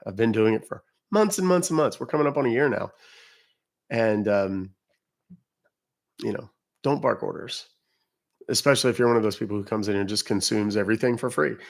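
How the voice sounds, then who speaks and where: A chatty American man talks casually on a livestream, answering his viewers' comments one after another. He speaks bluntly and plainly, with a mid-range voice. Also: mid-range voice. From United States. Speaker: livestream host.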